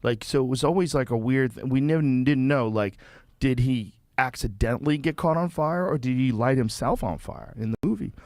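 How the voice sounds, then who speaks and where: A man hosts a casual podcast, cursing often as he tells his stories with energy. His voice sits at a middle pitch. The sound is close and dry, with no room echo. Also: brisk. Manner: profane, animated storytelling. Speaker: podcast host.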